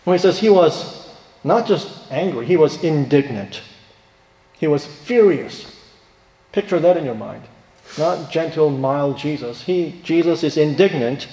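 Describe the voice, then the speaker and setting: A man preaches in a slightly high voice, leaning hard on key words and asking the room questions. His voice rings through a roomy hall with a long reverb tail. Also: lively intonation, a little slow, warm tone. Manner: emphatic, rhetorical questions, acts out quoted voices. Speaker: pastor. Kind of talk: sermon.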